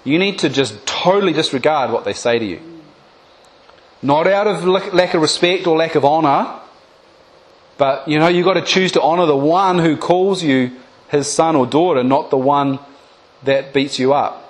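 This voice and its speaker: Animated high-voiced man preaching. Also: moderate pace. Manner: animated storytelling, acting out biblical voices. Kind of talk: sermon.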